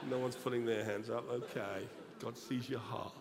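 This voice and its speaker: A man's voice: mid-range voice, steady tone, normal speed, over a noisy crowd, very noisy. A middle-aged man preaching a humorous storytelling sermon, joking and talking directly to the congregation in a large church. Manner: chatty, joking, addresses the congregation. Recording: reverberant hall, faint room ambience.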